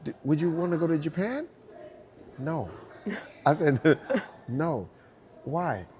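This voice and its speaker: A middle-aged man, a dancer telling a lively story and acting out the voices of the people in it. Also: fairly high pitch, slow. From Brooklyn, New York. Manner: acts out both sides of dialogue, laughing often. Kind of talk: animated storytelling.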